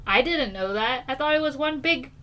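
A young American woman in casual chat, acting out quoted lines with big pitch jumps. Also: animated, moderate pace, bright, forceful tone, slight background noise. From United States.

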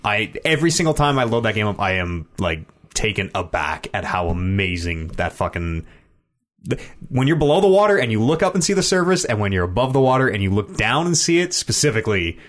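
Man, podcast co-host, animated casual chat, swings up and down in pitch, rambling. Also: a little fast.

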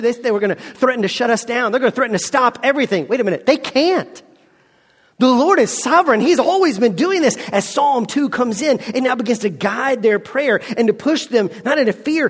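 Male pastor preaching, chatty and lively, high voice, big hall echo. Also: breathy edge. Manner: conversational, lively, addresses listeners directly. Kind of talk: sermon. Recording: long reverb in a large hall.

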